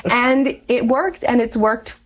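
A woman in her forties, a guest telling personal stories in a chatty, animated way with frequent laughs. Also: on the high side, slow. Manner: chatty, animated storyteller who laughs often. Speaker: interview guest. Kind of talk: personal storytelling in conversation.

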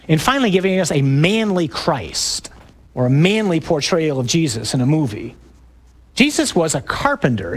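A man preaching with a lively, swooping delivery that climbs high when he presses a point. He is a priest talking to a group of men, conversational and emphatic, and he throws in rhetorical questions. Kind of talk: talk to a men's group.

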